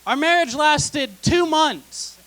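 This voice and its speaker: Young female stand-up, very high and bright voice, sarcastic dry delivery, live theater stage mic. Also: expressive, takes it slowly, rough recording. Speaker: stand-up comedian. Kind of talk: stand-up comedy set.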